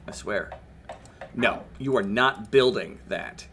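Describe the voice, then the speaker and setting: A man's voice: fairly low pitch, animated, slow, fairly bright tone, slight background noise. A man with a strained voice giving livestream commentary on a game, scolding the little colonists on screen and swearing at them. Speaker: game streamer.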